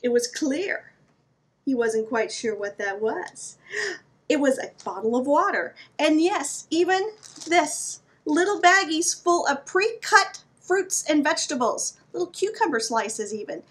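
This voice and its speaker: A middle-aged woman hosting her own vlog, telling a personal story in an animated, playful way with lively asides to the viewer. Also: sits high, a little slow. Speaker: vlog host.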